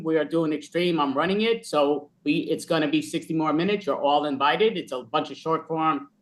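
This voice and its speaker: Man host, slightly high voice, loose and rambling, video call. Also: fairly bright tone. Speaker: host of improv show. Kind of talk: casual hosting on a video call.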